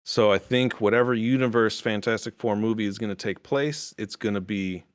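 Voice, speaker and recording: A low-pitched man talks in a loose, rambling way as a podcast host, with plenty of ums and false starts. His voice is close and dry, with no room around it. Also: fairly even intonation, moderate pace, no room sound. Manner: rambling, many fillers and restarts. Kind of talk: casual review chat.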